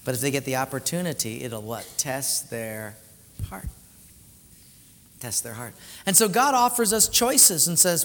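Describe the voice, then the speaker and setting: A man's voice: mid-range voice, unhurried. A man preaching a sermon, telling stories and acting out the voices of the people in them. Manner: animated storytelling, acts out quoted voices. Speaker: pastor. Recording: live hall reverb.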